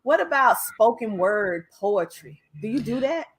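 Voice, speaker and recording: Excited Southern-accented woman host. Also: a little high, a little slow. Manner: excited, effusive, laughs often. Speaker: podcast host. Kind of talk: casual interview chat.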